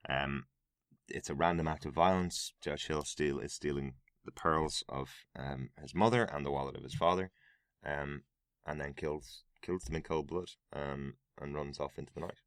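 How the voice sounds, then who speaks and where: A man's voice: a bass voice, moderate pace, smooth, dry recording, clean studio sound. A man co-hosting a film review podcast, explaining scenes in an earnest, agreeable way. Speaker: podcast co-host. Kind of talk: casual film review chat.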